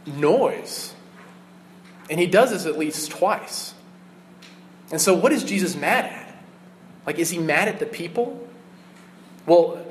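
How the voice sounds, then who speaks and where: A man's voice: fairly high pitch, a little hiss or hum, poor audio. A man in his thirties preaching a sermon in an earnest, conversational way, with frequent fillers. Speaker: pastor.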